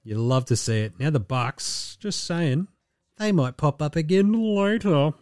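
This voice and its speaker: A man's voice: fairly high pitch, animated, measured pace, darkish tone, dry recording, clean studio sound. A man hosting a podcast, running through sports results in a loose, joking, sweary casual chat. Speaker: podcast host.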